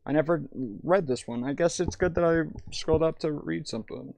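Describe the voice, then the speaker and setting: A man's voice: on the high side, brisk, vocal fry, a little mellow, no room sound. A young man streaming in VR, tipsy and rambling, swearing freely while reading chat aloud.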